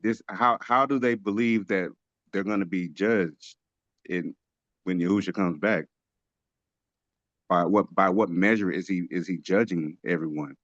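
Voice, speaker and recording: A man's voice: low-pitched, measured pace, pauses often, fairly bright tone, dry recording, muffled recording. A man leading a casual religious study discussion, making his points emphatically and asking rhetorical questions. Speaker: teacher of a religious study group.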